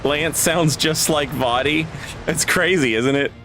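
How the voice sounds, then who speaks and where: A man's voice: fairly high pitch, unhurried, music in the background. A man streaming a game and chatting casually, rambling and stammering, swearing, reading chat aloud.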